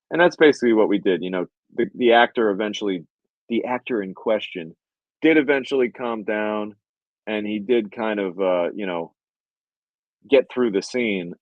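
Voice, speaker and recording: A man's voice: on the low side, no room sound, dull audio. A man hosting a podcast, telling a behind-the-scenes story casually, with lots of swearing and acted-out quotes. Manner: animated, profane, acts out quotes. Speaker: podcast host, filmmaker.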